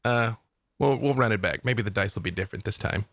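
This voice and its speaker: A man's voice: fairly low pitch, brisk, gravelly, a bit bright. A man narrating a tabletop game as game master, playful and descriptive.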